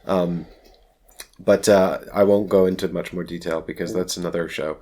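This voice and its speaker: Man player, lowish voice, thoughtful, hedges a lot. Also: fairly even intonation, normal speed, mellow. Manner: hedging, thoughtful. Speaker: board game player. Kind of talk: casual explaining.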